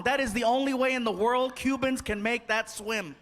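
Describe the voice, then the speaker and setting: A man's voice: very high voice, fairly quick, few pauses, a crowd in the background. A man doing stand-up comedy, animatedly telling a story and acting out the people in it. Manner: animated, acts out dialogue, laughing. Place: comedy stage before an audience. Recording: live show with audience laughter and noise.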